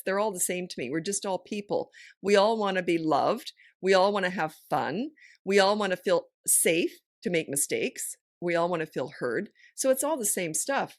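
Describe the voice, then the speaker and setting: Woman podcast host, middle-aged, frank and lively, dry studio sound. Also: lowish voice, dry recording. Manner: frank, lively storytelling with quick asides. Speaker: parenting coach and podcast host. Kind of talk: casual podcast chat.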